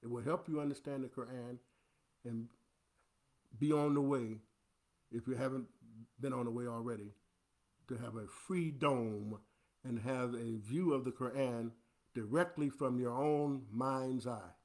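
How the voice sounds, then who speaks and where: A man's voice: mid-range voice, unhurried, long pauses, a little mellow. A man, an imam, giving an earnest, instructive Friday sermon into a livestream camera.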